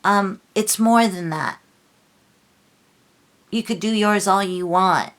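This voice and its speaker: A woman's voice: medium pitch, takes it slowly. A woman from Los Angeles giving a tarot reading, talking in a heated, scolding way with lots of restarts. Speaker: tarot reader.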